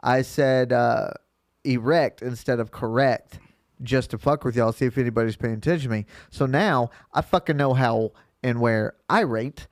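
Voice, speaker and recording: A man's voice: medium pitch, moderate pace, no echo, clean studio sound. A man, co-hosting a podcast, teasing his friends and swearing in casual banter. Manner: teasing, profane. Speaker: podcast co-host.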